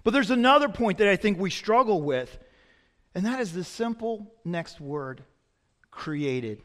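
A man preaching a sermon as pastor, swinging from loud emphatic lines to quiet, low asides. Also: lively intonation, a little slow, in a large hall.

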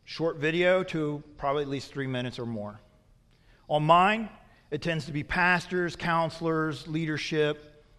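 A preaching pastor in a reverberant hall. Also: male voice, on the high side, measured pace, clean tone. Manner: asks the congregation repeated rhetorical questions; grows forceful and emphatic when warning. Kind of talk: sermon. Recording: long reverb of a large hall.

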